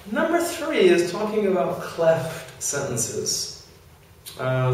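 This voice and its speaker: Male english teacher, explaining grammar with examples, animated pitch, distant mic, echoey classroom. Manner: explanatory, with frequent fillers and examples.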